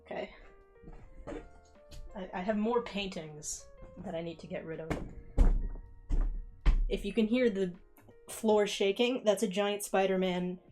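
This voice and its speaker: A young woman chats casually as she cleans her bedroom, her talk loose and rambling. She keeps poking fun at herself and laughing between thoughts, at an ordinary mid pitch. Quiet background music plays beneath her. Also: measured pace, long pauses. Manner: rambling and self-mocking, laughs often. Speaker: streamer. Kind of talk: casual chat while cleaning.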